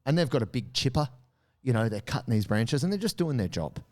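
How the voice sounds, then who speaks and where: A podcast co-host with a mid-range voice tells a story fairly quickly in casual chat. He's animated and acts out lots of the quoted voices.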